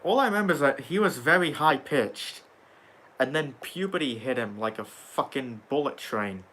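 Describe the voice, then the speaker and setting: A man's voice: medium pitch, expressive, normal speed, bright, forceful tone. A young man hosting a casual livestream, reading out viewer comments and answering them with sarcastic banter and casual swearing. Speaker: livestream host reading chat.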